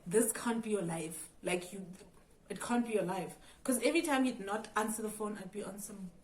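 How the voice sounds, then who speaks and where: A young woman with a South African accent tells a personal story straight to her viewers. Her voice sits at an ordinary middle pitch, and she switches quickly between plain telling and acting out what she thought at the time. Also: slight background noise, low-quality recording. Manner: animated, talks straight to viewers, acts out her own past thoughts. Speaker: YouTuber. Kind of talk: storytime vlog.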